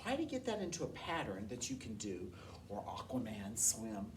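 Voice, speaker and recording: A woman music teacher, enthusiastic and lively, explaining and leading a workshop. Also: a bass voice, normal speed, recorded from a distance, a little hiss or hum.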